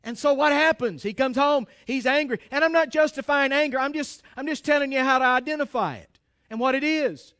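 Preaching briskly, an American pastor speaks to his congregation in a high, somewhat bright voice uncommon for a man. His sermon is emphatic, full of repeated words and restarted phrases as he hammers each point.

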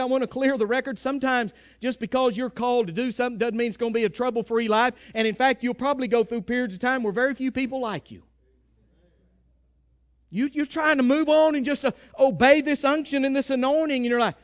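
Brief: high-pitched male preacher, dramatic storyteller, hushed to loud. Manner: storytelling preacher, acting out quotes, swings from hushed to shouted. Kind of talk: sermon.

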